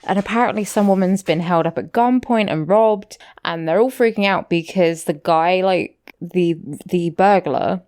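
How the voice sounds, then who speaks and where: A woman's voice: lowish voice, moderate pace, hardly any pauses, a little mellow. A woman co-hosting a podcast, recapping a show in chatty, playful casual talk full of "like". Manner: chatty, uses "like" a lot, playful. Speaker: podcast co-host.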